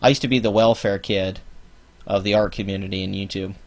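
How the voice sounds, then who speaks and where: A man's voice: lowish voice, steady tone, fairly quick. A man hosting a live-stream reaction, ranting sarcastically with heavy swearing. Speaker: channel host.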